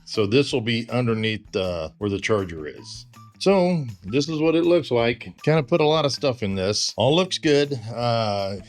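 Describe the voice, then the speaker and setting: A man giving a casual, halting how-to walkthrough of wiring his trailer, slightly out of breath. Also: mid-range voice, big pitch swings, faint music behind. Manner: plain, halting, lots of "uh". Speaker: RV owner doing a DIY install. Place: travel trailer and its storage bay, hot weather.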